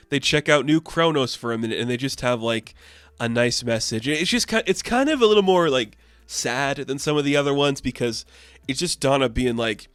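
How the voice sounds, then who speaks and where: A man's voice: medium pitch, normal speed, a bit bright, clear, resonant tone, dry recording. A man reviewing comics in a casual, rambling way, with many fillers and the odd swear word.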